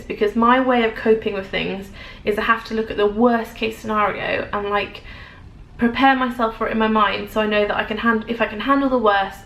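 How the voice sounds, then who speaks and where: A young woman with an English accent shares a personal story in a vlog, her voice carrying a gravelly fry. She hesitates and restarts often, speaking with open emotion. The room sounds echoey, with a faint hiss of noise behind her. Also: mid-range voice, fairly bright tone. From England. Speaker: vlogger.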